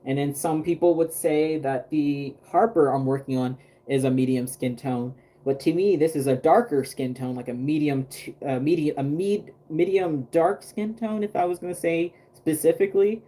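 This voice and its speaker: A man's voice: fairly high pitch, moderate pace, few pauses, mellow. A man chatting casually on a livestream while he paints a doll, rambling with lots of fillers and restarts.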